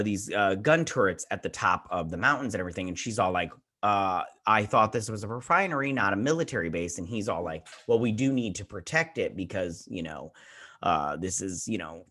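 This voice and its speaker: A man's voice: on the low side, a bit bright. Rambling man recapping an episode. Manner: rambling, heavy fillers, loose paraphrased quotes. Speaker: show host reviewing an episode.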